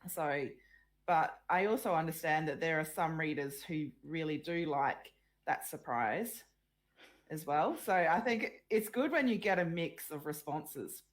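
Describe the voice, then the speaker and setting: A woman with a very low, slow-moving voice hosts a casual panel discussion over a video call. She sounds croaky, as if just out of bed, and she chats easily, laughing often between questions. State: croaky morning voice. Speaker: panel host. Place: at home in Australia very early morning.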